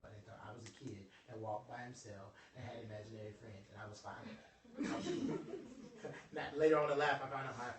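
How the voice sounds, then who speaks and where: A young man giving an informal motivational talk to a small group, lively and joking in a preacherly way, calling on his audience. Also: medium pitch, fast, very noisy. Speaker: motivational speaker. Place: indoor room with a small audience. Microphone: phone livestream from across the room. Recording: echoey room, voice from a distance.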